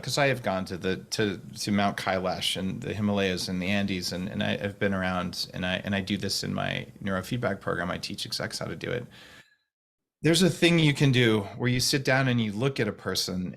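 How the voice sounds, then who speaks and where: A man talking fast and rambling to a group on a call, with many restarts. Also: on the low side, gravelly. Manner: fast talker with restarts, slows voice to demonstrate calm. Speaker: guest speaker on a video call.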